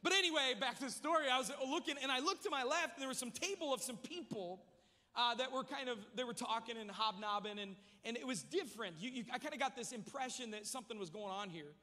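A man preaching a sermon, telling a humorous story with lively energy in a large church. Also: extremely high pitch, fast, in a large hall. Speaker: pastor.

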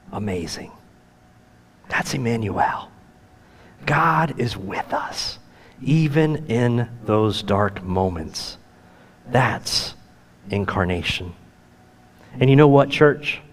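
A male pastor preaching a sermon, telling personal stories in a plain, conversational way and dropping to a soft whisper at tender moments. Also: medium pitch. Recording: long reverb of a church hall.

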